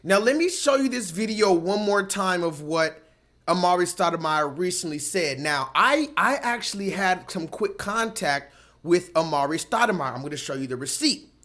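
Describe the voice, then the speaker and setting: A man with a high voice hosts his own show, ranting in a heated, profane way. He talks emphatically and stresses his points over and over. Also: lively intonation, normal speed, fairly bright tone. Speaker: host. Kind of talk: ranting commentary.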